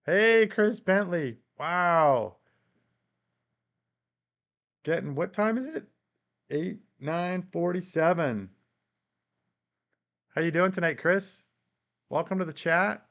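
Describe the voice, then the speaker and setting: A man's voice: a little high, animated, a little slow, creaky, pauses often, fairly bright tone, lo-fi sound. A man with a Canadian accent hosting a casual live stream, reading viewer comments aloud and answering them with frequent chuckles.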